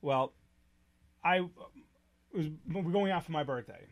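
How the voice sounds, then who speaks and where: A man's voice: fairly high pitch, normal speed. A man co-hosting a live podcast, talking in a blunt, joking, profane way. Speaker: podcast co-host. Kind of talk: casual chat on a live podcast.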